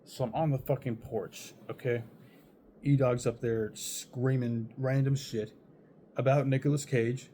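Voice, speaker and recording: A man's voice: mid-range voice, fairly even intonation, unhurried, warm tone, a little hiss or hum. A young man telling a chaotic personal story in a loose, rambling way, swearing often and laughing between thoughts. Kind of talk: casual storytime.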